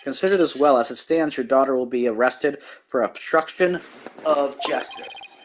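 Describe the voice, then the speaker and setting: A man's voice: medium pitch, a little hiss or hum, natural voice. A man doing a smug villainous prosecutor. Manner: condescending, mocking, deliberate.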